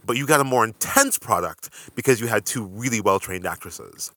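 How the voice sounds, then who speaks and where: A man co-hosting a casual podcast chat, animated and quick to stammer and repeat words as he gathers his thoughts. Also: lowish voice, no room sound. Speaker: podcast co-host.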